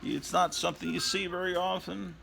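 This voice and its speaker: A man's voice: high voice, steady tone, fairly quick, creaky, sharp tone, poor audio. A man in his fifties hosting a casual show-and-tell about his old comics, rambling and reminiscing with lots of fillers. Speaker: comic book collector and host. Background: background music.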